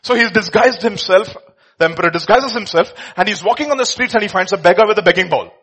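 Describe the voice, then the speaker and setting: A man's voice: high-pitched, quick pace, a bit bright, breathy edge. A man preaching a sermon. He speaks emphatically and keeps asking the congregation questions. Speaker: pastor.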